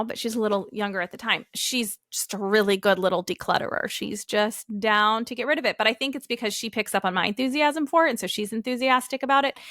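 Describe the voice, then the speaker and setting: A woman's voice: mid-range voice, bright, forceful tone, no echo, studio quality. A woman in her thirties hosting a casual solo podcast, upbeat and chatty, often acting out what her family says. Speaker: podcast host.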